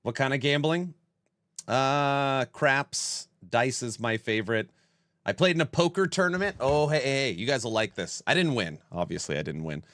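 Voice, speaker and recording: A man's voice: medium pitch, expressive, normal speed, a bit bright, dry recording. A man in his forties hosting a casual livestream and reading chat aloud. He sounds stuffed up and worn out and talks in a rambling, self-mocking way. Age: 40s. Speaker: streamer host.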